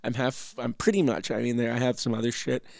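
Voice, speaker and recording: A young man from Canada rambles through casual commentary, swearing and restarting his sentences. His voice is heavily gravelly. The sound is dry and close, with no room echo. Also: medium pitch, fairly even intonation, fairly quick, a little mellow. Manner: rambling, profane, self-interrupting. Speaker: host.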